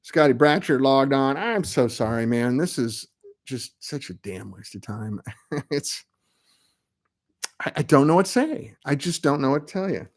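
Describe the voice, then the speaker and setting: Speaking a little slowly with lively intonation and a medium pitch, a middle-aged amp builder hosts his live web show. The talk is casual stream chat, rambling and peppered with self-mocking asides.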